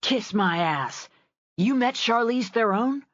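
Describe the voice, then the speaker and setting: A woman reading a rowdy, excitable young cowboy who shouts his questions. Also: medium pitch, normal speed, husky, dry recording, dull audio, voice pushed up. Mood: excited. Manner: excitable, loud exclamations. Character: boisterous young cowboy man.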